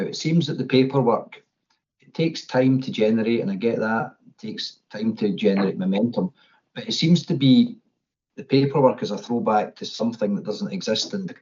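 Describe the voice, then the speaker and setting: A man, a landlord objecting at a formal meeting, speaking in a measured way with hesitant restarts. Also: fairly low pitch, a little mellow. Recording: dull lo-fi audio.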